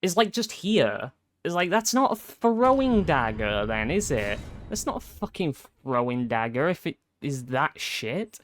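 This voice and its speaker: A man's voice: a little high, sing-song, a little slow, a bit bright, a little hiss or hum. Frustrated man commentating gameplay. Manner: frustrated, swearing, repeating himself. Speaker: gaming streamer.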